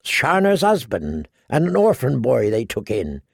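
A wry, easygoing outlaw minstrel who coaxes and drawls, voiced by a male reader. His tone is gravelly and unhurried, recorded close in a dry room. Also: medium pitch, wildly swooping pitch, dry recording, heavily acted. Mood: coaxing.

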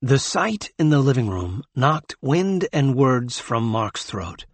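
A man reads a novel aloud in a steady, measured way. His voice sits at a middle pitch with a husky grain. The recording is dry and close. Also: dry recording. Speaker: audiobook narrator. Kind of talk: scripted narration.

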